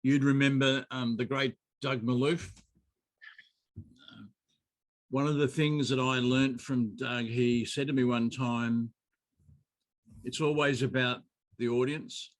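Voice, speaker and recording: A male host speaks in a casual, measured chat. His pitch sits mid-range and stays very level, with little rise or fall. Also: level tone.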